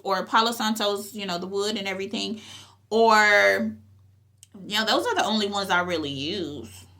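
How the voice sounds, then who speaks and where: Woman vlogging spiritual tips, bright forceful voice, kinda high, keeps going "okay?" and calling folks honey. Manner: chatty, repeats phrases, checks in with "okay?"; familiar, addresses viewers as "honey" and "y'all". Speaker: vlog host. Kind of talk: casual spiritual advice talk.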